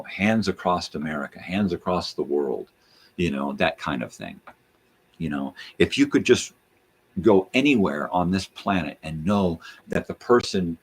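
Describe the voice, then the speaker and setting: A man's voice: low-pitched, slightly rough. A man hosting a show, ranting in a rambling, profane casual monologue. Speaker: host.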